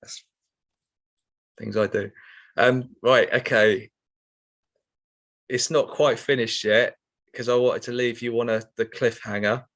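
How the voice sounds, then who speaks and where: Slow, patient male sign language tutor. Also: mid-range voice, steady tone, a bit bright. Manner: patient, step-by-step explaining with many ums and okays. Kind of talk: online teaching session.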